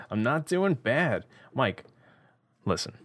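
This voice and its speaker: A man's voice: mid-range voice, very animated, slow, a bit bright. A man co-hosting a podcast in casual, jokey chat with a laid-back delivery. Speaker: podcast co-host.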